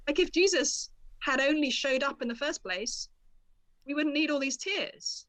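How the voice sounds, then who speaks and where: A woman author, a podcast guest, explaining a Bible passage in an animated, storytelling manner. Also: sits high, normal speed, no echo. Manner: animated storyteller, quotes scripture expressively. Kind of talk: conversational Bible teaching.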